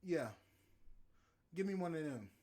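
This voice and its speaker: A man's voice: fairly high pitch, expressive, a little slow, warm tone. A man hosting a podcast, ranting in a heated, profane, rambling monologue. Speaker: podcast host. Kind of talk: casual podcast rant.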